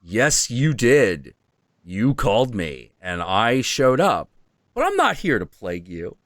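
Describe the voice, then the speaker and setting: A man voicing a sly, smug devilish male spirit with a slow, mocking delivery. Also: medium pitch, huge pitch swings, fairly bright tone, dry recording, studio quality, heavily acted. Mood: coaxing.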